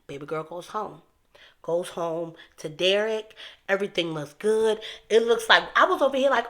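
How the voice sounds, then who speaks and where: A young woman talking casually to her viewers as she recaps a TV episode, animated and emphatic. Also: medium pitch, moderate pace. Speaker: TV recap host.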